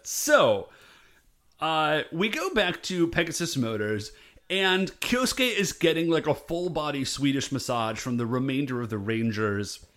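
A podcast co-host with a slightly high voice and measured pace recaps a TV episode in a casual chat. He's animated, acting out the characters' lines as he tells the story.

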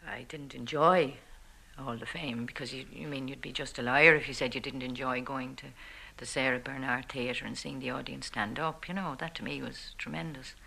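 A woman reflecting on her married life in an interview, speaking softly and haltingly. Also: extremely low pitch, fairly even intonation, creaky. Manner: soft, halting and thoughtful.

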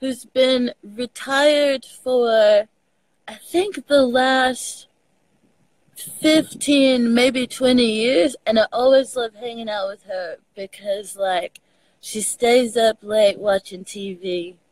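A slow, slightly high-pitched woman with a Southern Texan accent chats casually as a guest over video call. She laughs often while telling animated stories, and the recording has no echo.

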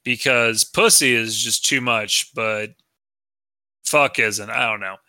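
A man's voice: mid-range voice, slow, pushed and bright, no echo. A man co-hosting a podcast in crude, teasing, joking chat. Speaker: podcast co-host.

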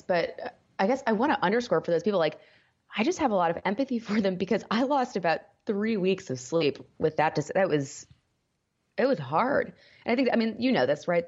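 Lively woman coach, slightly muffled. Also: medium pitch. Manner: animated, laughs often, acts out quotes. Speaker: career coach, podcast guest. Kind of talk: casual podcast interview.

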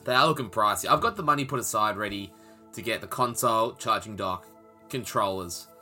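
A man's voice: lowish voice, fairly quick, sharp tone, faint music behind. A young man, co-hosting a casual podcast chat with eager, restart-filled talk. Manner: chatty, eager, many restarts. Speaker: podcast co-host.

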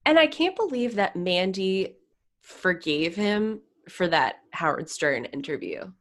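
A woman's voice: medium pitch, measured pace. A woman co-hosting a podcast, chatting casually and animatedly about celebrity gossip, with many "like"s. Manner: animated, gasps and laughs, frequent "like". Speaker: podcast co-host.

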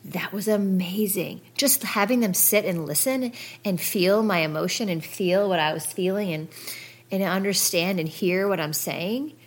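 A woman with a mid-range voice hosts a podcast, speaking at a measured pace. In a candid, casual personal monologue, she talks frankly and addresses her listeners directly.

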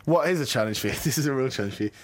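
A man co-hosting a casual cricket podcast, cracking deadpan jokes. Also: medium pitch, rapid-fire, a little hiss or hum. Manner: jokey, deadpan quips. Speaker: podcast co-host.

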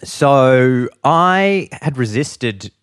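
A man's voice: medium pitch, expressive, extremely slow, fairly bright tone, clean tone, no room sound, studio quality. A man co-hosting a podcast, chatting casually and joking around. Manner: playful, jokey storytelling. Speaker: podcast co-host. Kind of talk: casual chat.

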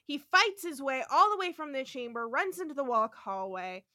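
A woman co-hosting a podcast, recapping an episode in casual chat, animated and swearing freely as she acts out the characters' lines. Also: high-pitched, normal speed, crowd noise. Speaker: podcast co-host.

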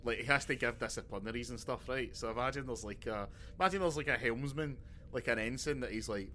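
A man chats on a podcast, restarting sentences and drifting into tangents. His voice is bright and forward. He swears casually as he talks. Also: mid-range voice, fast talker, slight background noise. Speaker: podcast co-host. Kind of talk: casual chat.

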